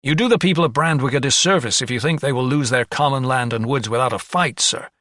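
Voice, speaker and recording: A man's voice: medium pitch, a little fast, a bit bright, close to an everyday voice. A man voicing a young, earnest doctor who speaks with indignation. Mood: indignant.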